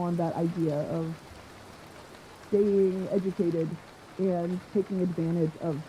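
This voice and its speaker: A woman's voice: on the low side, warm tone, slight background noise, poor audio. A woman hosting a podcast in casual chat, rambling enthusiastically and swearing often. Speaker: podcast host. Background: faint rain.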